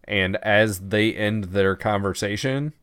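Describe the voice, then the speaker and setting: A man's voice: lowish voice, takes it slowly, fairly bright tone, clear, resonant tone, no echo, studio quality. A man co-hosting a podcast, chatting casually, cursing freely and retelling scenes with acted-out lines. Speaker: podcast co-host. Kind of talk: casual chat.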